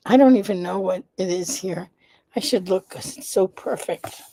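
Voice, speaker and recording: A congested woman hosting her live vlog in a casual, chatty way, often pausing with "um" and greeting viewers by name. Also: medium pitch, mellow, no echo. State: congested, nasal stuffiness. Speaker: vlog host, founder of an organization. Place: indoors at home.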